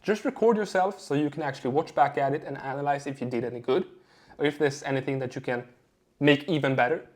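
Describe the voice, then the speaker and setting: A young adult man, a communication coach, giving a measured lesson to camera, stressing key words and pausing for effect. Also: mid-range voice, a little mellow. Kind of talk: instructional video talk to camera.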